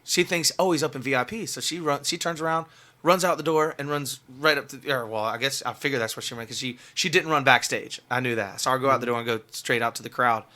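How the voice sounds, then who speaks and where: A man's voice: medium pitch, fast, bright, forceful tone. A man, a musician guest on a radio show, telling a story casually and animatedly, full of fillers and laughter.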